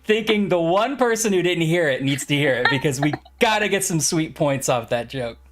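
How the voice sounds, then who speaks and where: A co-host of a game stream chatting casually and adding dry, wry remarks. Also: male voice, fairly high pitch, expressive, moderate pace, background noise. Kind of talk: casual chat about a game.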